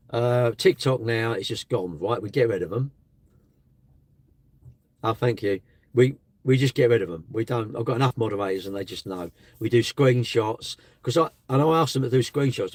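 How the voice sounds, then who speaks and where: A man's voice: medium pitch, a little mellow, no room sound. A man hosting a live stream, chatting bluntly and casually with his viewers. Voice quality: blunt, chatty, slangy delivery.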